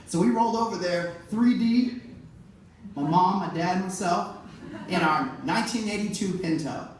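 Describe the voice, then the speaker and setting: Profane, animated male storyteller on stage. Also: high voice, normal speed. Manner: animated, profane, playful, talks straight to the audience. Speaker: musician telling stories on stage. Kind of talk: comedic live storytelling. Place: live music venue, on stage. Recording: echoey venue, distant mic, audience noise.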